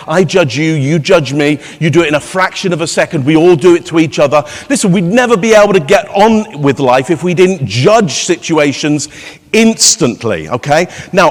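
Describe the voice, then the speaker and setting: A man giving a live conference keynote, playful and teasing the audience with rhetorical questions. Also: on the high side. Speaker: keynote speaker. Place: large conference hall. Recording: long hall reverb.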